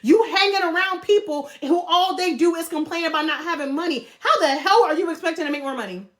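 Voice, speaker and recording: A woman vlogger speaks in a high voice, urging her viewers on with blunt motivational fire. She preaches more than she chats, pressing each point home and cursing freely as she goes. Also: brisk, fairly bright tone. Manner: fired-up, preachy, talks straight at viewers, swears freely. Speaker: travel and money vlogger. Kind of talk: motivational talk to camera.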